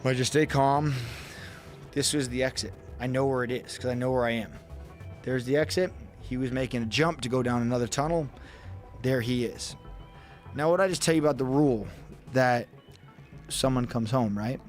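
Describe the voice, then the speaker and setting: A man's voice: medium pitch, moderate pace, pauses often, soft background music. A man telling a story as a podcast guest, casually and vividly, acting out his own thoughts and swearing freely.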